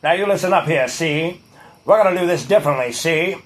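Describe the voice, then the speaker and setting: A man's voice: fairly high pitch, a little fast, lightly acted. A man voicing a tough-talking male gangster boss from the 1930s, menacing and tagging his lines with "see?".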